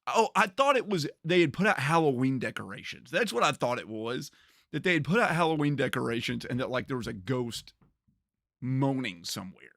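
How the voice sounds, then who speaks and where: A gaming streamer with a lively, swinging delivery and a gravelly edge to his voice. He talks casually and laughs his way through his stories. The sound is close and dry, with no room echo. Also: mid-range voice, a little fast. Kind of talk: casual storytelling while playing a game.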